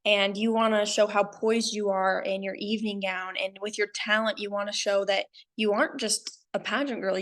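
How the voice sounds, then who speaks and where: A teenage girl speaking as a podcast guest, at an ordinary middle pitch for a young woman. She is from Idaho and sounds earnest and encouraging, peppering her advice with casual fillers. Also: a bit bright. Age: teens.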